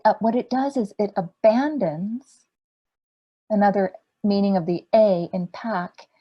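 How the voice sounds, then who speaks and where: Gently paced woman giving a dharma talk. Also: medium pitch, husky, lo-fi sound. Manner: gentle, unhurried, with many restarts and rhetorical questions. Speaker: meditation teacher.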